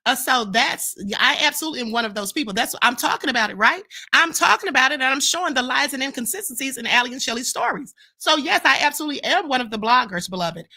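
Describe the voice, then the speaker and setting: A woman's voice: high-pitched, animated, fast talker, hardly any pauses, sharp tone. A woman hosting a live-stream commentary show, answering viewer comments in an emphatic, lecturing way and often ending points with "okay?" and "ma'am".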